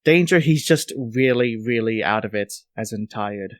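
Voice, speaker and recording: A man's voice: on the low side, normal speed, no echo, studio quality. A man playing a tabletop game in a casual, easygoing way, trailing off and restarting. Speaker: player.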